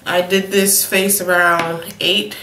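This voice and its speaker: A woman's voice: lowish voice, level tone, takes it slowly, sharp tone, reverberant, a little hiss or hum. A young woman in a casual, sassy makeup review, sniffly from a cold and calling her viewers honey and y'all. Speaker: beauty vlogger.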